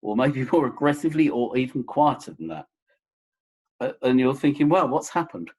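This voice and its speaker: Husky-voiced man teaching counselling. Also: mid-range voice, moderate pace. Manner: explains gently with examples, some fillers. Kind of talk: recorded teaching talk.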